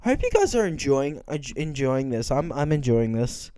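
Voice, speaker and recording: Host, lively pitch, dry close sound, incredulous joking commentary. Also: moderate pace, smooth, dry recording. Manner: incredulous, joking reactions with frequent laughs. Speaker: podcast host. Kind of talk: casual watch-along commentary.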